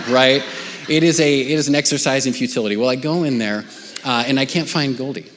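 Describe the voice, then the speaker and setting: A middle-aged man preaches a conversational sermon at a medium pitch, talking to his church as if chatting with friends. He often drops his voice to a soft near-whisper. His words ring out with a long reverb that fills the hall. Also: a little fast. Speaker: pastor. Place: church auditorium.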